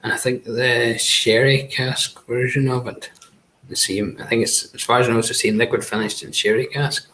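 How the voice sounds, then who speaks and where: A man's voice: medium pitch, level tone, normal speed, sharp tone, slight background noise, rough recording. A man talking as a guest on a casual whisky video call, matter-of-fact.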